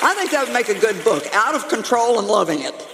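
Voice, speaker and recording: A woman pastor preaching a lively, humorous sermon to her congregation, calling out to them as she goes. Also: on the high side, fairly quick, long reverb tail, a crowd in the background, background noise. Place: church sanctuary.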